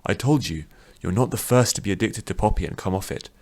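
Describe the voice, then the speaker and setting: A man reading a calm, patient old man. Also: lowish voice, fast, natural voice.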